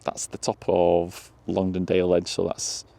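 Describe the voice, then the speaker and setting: Speaking a little slowly in a low, creaky, mellow voice with a completely flat delivery, a male vlogger wanders countryside lanes and fields outdoors. His walking commentary is casual and rambling, punctuated by chuckles.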